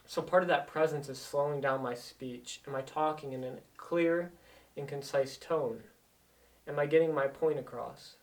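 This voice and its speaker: A man's voice: medium pitch, recorded from a distance. A man speaking as a life coach in an earnest, motivational talk, repeating himself to drive each point home.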